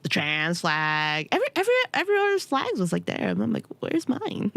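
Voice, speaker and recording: A young woman chatting on a game stream, her pitch bouncing widely as she giggles through a story. The sound is close and dry, with no room around it. She keeps it casual and animated. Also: fairly quick, vocal fry, no echo. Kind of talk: casual chat while gaming.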